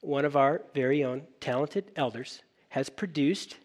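A middle-aged male pastor preaching a sermon, telling stories with animated acted-out dialogue. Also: medium pitch, a little slow. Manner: animated storytelling, acting out dialogue.

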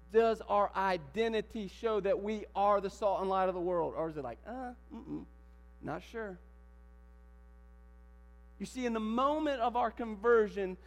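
High-voiced preacher in a reverberant hall. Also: male voice. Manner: animated, rhetorical questions, rising to emphatic declarations. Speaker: pastor. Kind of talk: sermon. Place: church sanctuary. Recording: long hall reverb with mains hum.

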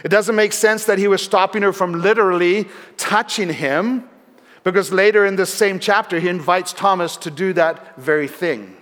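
A man delivers an earnest sermon in a church sanctuary, his fairly high voice trailing off into long reverb. He tells the story warmly and drops softer on key words for emphasis. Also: normal speed. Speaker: pastor.

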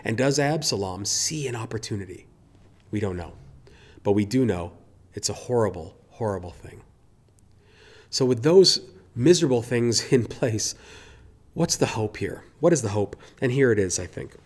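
A man's voice: on the low side, animated, normal speed, slightly rough. Earnest male preacher asking questions. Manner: earnest, reflective, many rhetorical questions. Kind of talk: sermon.

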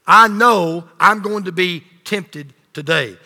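A male pastor preaching a sermon, swinging between loud emphasis and hushed low lines, leading the congregation in call and response. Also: slow pace. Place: church sanctuary. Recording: long reverb of a large hall.

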